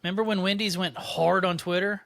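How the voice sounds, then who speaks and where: A man's voice: sits high, fairly even intonation, fairly quick, vocal fry, fairly bright tone, a little hiss or hum. A man co-hosting a podcast in casual chat, laid-back and drawling, calling the others dude. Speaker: podcast co-host.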